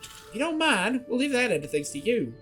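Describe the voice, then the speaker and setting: A plain-spoken rustic ranch hand , voiced by a man, with a folksy drawl. The delivery is lively in pitch, with faint music in the background. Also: a little fast, slightly rough, exaggerated voice. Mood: wry.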